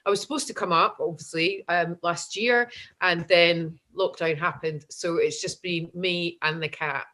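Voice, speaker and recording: A woman's voice: on the low side, fairly even intonation, measured pace, sharp tone. A Scottish woman in her forties, a guest chatting casually over a remote call and laughing often as she tells stories. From Scotland. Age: 40s. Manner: chatty, laughs often, acts out voices in anecdotes. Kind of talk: casual chat.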